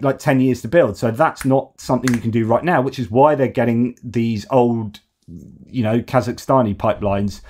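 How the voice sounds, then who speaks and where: A man's voice: medium pitch, darkish tone. A man from the UK hosting a casual news commentary show, talking loosely with sarcastic, mocking asides. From United Kingdom. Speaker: host.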